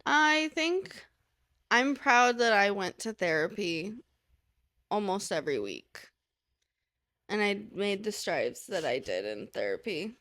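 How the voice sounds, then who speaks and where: A woman's voice: medium pitch, sing-song, slow, pauses often, a bit bright. A young adult woman co-hosting a podcast in casual chat, enthusiastic and swearing casually. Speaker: podcast co-host.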